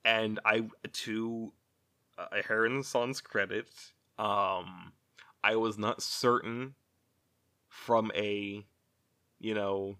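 Bright-toned, rambling, sweary man. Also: on the low side. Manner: rambling, laughs often, swears freely. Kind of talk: casual chat.

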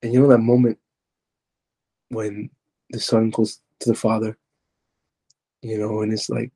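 A young man recounts his testimony on a podcast, his voice very dark and gravelly with a husky edge. He talks haltingly, breaking off and restarting as he gropes for the right words. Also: lowish voice, level tone. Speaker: podcast guest. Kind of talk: personal testimony.

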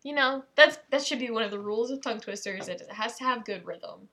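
A woman's voice: a little high, expressive, quick pace, sharp tone, husky. A woman reading tongue twisters aloud and commenting on them in a playful, exasperated way, often breaking off mid-sentence. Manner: playful, exasperated, self-interrupting asides.

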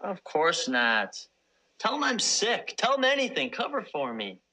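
An actor playing a charming, unreliable adult brother in a 1990s sitcom, coaxing and off-hand. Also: male voice, sits high, wildly swooping pitch, unhurried, pushed and bright, a little hiss or hum, heavily acted.

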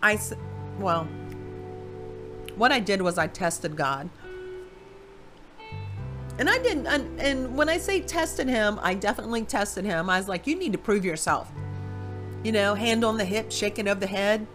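A woman from Ohio gives a personal faith testimony, animated storytelling with voiced quotes. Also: medium pitch, a little slow, long pauses, music in the background. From Ohio, USA. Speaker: Christian speaker.

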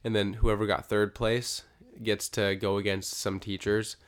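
A man's voice: lowish voice, a little slow, clear, resonant tone. A man co-hosting a casual podcast chat, telling stories with lots of acted-out quoted dialogue. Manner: animated storyteller who acts out quoted dialogue. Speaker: guest co-host.

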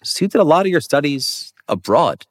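A man's voice: on the high side, sing-song, a little fast. A man hosting an interview, asking questions in a friendly, curious, joking way. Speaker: podcast host. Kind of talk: casual interview conversation.

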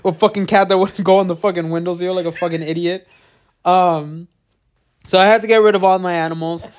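A man's voice: sits high, steady tone, brisk. A congested man co-hosting a casual chat, rambling, swearing a lot and laughing often. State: congested, coughing. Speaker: podcast co-host.

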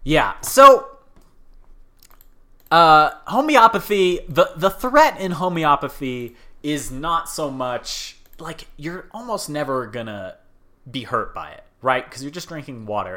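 A man with a bright, clear voice, chatting casually with friends. He explains things with an amused, skeptical edge and often laughs as he talks. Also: mid-range voice. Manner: skeptical, amused, laughs while telling stories.

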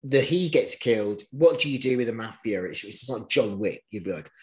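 Animated man chatting. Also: moderate pace, low-quality recording. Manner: animated, swears casually, jumps in pitch when exasperated. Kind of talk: casual chat recapping reality TV.

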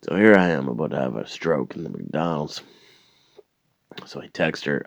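A man's voice: rumbling low, sing-song, moderate pace, gravelly, pauses often, dry recording. A man telling a profane, exasperated story and mimicking the people in it. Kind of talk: profane ranting anecdote. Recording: dry, slightly dull recording.

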